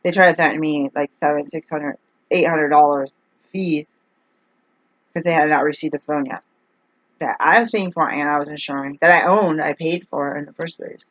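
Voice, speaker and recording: A woman's voice: deep voice, fairly even intonation, moderate pace, dry recording. Exasperated rambling woman, dull dry recording. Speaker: vlogger. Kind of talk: casual vlog rant.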